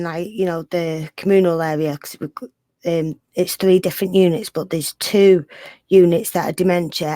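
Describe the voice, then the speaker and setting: A woman's voice: fairly low pitch, mellow, no room sound. A woman care worker chatting casually, hesitant and full of fillers as she explains her work. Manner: hesitant, many fillers and restarts. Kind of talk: casual chat.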